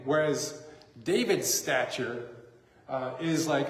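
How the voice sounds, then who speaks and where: A man's voice: fairly high pitch, measured pace. A man preaching a sermon as a pastor, in a casual, joking, conversational way, recorded in a church sanctuary. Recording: echoey church hall.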